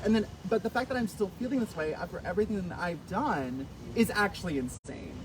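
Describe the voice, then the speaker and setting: Man, author guest, higher side, chatty and filler-heavy, noisy live recording. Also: a little fast. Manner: chatty, animated, filler-heavy, laughs easily. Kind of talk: casual conversation on stage. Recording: noisy live event audio.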